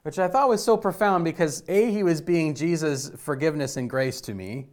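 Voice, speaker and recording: A middle-aged man preaching a sermon as a pastor, telling stories with swings between emphatic lines and hushed ones. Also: fairly high pitch, moderate pace.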